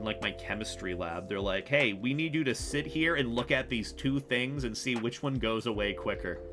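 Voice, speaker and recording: Rambling young man streaming over music. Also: on the low side. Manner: rambling and self-deprecating, swearing. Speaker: livestreamer. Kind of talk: casual livestream chat. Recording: music playing behind the voice.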